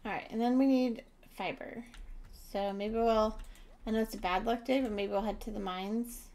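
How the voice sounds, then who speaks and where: A woman's voice: fairly high pitch, steady tone, normal speed, darkish tone. A woman giving casual gameplay commentary as a streamer, chatting to her viewers and sounding tired. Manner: chatty, talks to chat viewers. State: tired, yawning. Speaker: gaming streamer.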